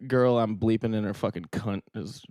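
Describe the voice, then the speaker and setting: A man's voice: on the low side, moderate pace, warm tone. A man guesting on a comedy show, talking crude and brash, swearing freely and laughing in a studio. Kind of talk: casual comedic banter.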